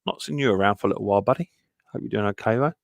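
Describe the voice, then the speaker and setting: A man's voice: lowish voice, very fast, creaky, no echo. A man hosting a live stream in a casual, chatty way, greeting viewers one by one with plenty of ums.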